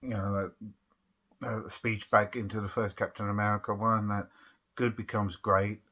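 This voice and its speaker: A man's voice: on the low side, little pitch movement, normal speed, sharp tone. A young man giving a casual, rambling review of a TV episode. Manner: rambling, with restarts and fillers.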